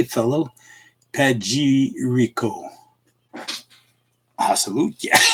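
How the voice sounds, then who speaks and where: A middle-aged man hosting a casual live stream, chuckling often and tossing in "eh" as he greets viewers by name. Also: mid-range voice. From Canada. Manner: chuckling, folksy, halting with many "eh"s and fillers. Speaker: livestream host.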